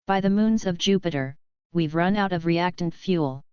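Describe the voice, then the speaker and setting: An earnest young space cadet, read by a woman narrator in a science-fiction audiobook. The voice is very clear and rather low, with urgent, determined delivery. The recording is dry and a bit dull. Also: normal speed, darkish tone, no room sound, natural voice. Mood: alarmed.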